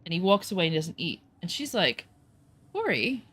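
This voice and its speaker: A woman's voice: lowish voice, expressive, a little fast, fairly bright tone. Blunt woman telling a story casually. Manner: candid, blunt, swears freely; rambling with fillers and restarts. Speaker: vlogger.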